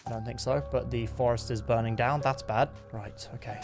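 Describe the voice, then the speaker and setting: A young man giving excitable, jumpy gameplay commentary, yelping when startled and talking to his horse. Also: mid-range voice, normal speed, faint music behind. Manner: jumpy, excitable, talks to his horse, sudden yelps of fright. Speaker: gaming YouTuber.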